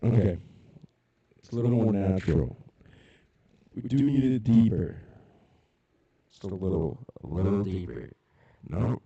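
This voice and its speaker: A gravelly, very dark modulated voice, a man testing his voice changer, fiddling with the setting. It comes out husky and slow. The sound is dull and lo-fi. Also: lowish voice, pitched below the performer's own voice.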